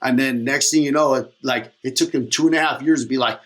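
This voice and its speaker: A man in his thirties tells his own story on a podcast at a middle pitch. He talks in a casual, energetic way, rambling and slangy. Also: quick pace, few pauses. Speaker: podcast guest, coach.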